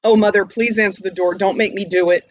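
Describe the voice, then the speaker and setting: A fragile, fearful young woman who pleads timidly and shrinks from the situation she faces, voiced by a woman reading aloud. The pitch sits in a middling range. The sound is dry and close to the mic. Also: fairly even intonation, quick pace, no echo, lo-fi sound, close to an everyday voice. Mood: pleading.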